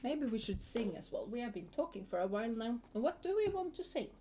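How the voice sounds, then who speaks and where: A young woman chats away in a mellow, unhurried voice, laughing often as she rambles. Her colors every word, and a faint hiss sits under the close mic. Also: on the high side, very animated. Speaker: vtuber streamer. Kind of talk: casual chat to a live chat.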